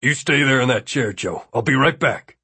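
Man doing anxious worried friend, husky, slow, close dry sound. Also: medium pitch, pushed and bright, no echo, full character voice. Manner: anxious, hovering.

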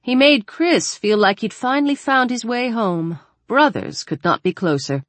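A woman narrating an audiobook in an even, measured storytelling manner. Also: a little high, no echo. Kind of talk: scripted narration.

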